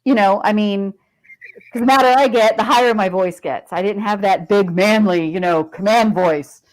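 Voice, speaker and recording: A middle-aged woman talks as a podcast guest in an easy, conversational way. Her voice sits at an ordinary middle pitch. She tells personal stories freely, drifting into asides and fillers as she goes. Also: normal speed, rough recording. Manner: chatty and digressive, with frequent fillers and laughs. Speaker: podcast guest, veteran and author. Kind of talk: casual conversational storytelling.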